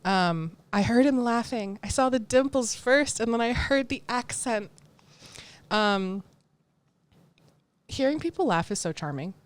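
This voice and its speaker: A woman's voice: a little high, expressive, unhurried. A young American woman co-hosting a podcast, chatting casually and laughing often. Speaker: podcast co-host. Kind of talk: casual chat.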